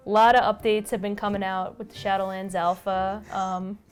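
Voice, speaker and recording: A woman's voice: medium pitch, level tone, moderate pace. A woman co-hosting a gaming podcast, talking casually with lots of fillers and restarts. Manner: chatty, many fillers and restarts. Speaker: podcast co-host.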